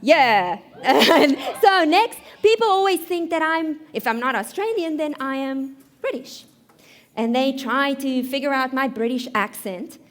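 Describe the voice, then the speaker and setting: High-voiced South African woman host. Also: expressive, measured pace. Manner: playful, self-mocking, emphatic. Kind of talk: stand-up monologue. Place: live studio stage.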